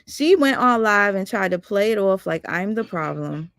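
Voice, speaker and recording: Woman livestream host, mid-pitched, animated, talks to viewers, dry sound. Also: normal speed, vocal fry, dry recording. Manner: animated, indignant, addresses viewers directly. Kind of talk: casual livestream storytime.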